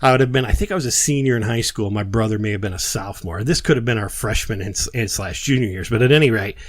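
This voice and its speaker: A man hosting a podcast who tells stories in a casual, animated way and acts out the quotes. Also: lowish voice, husky, dry recording. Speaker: podcast host. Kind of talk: casual storytelling chat.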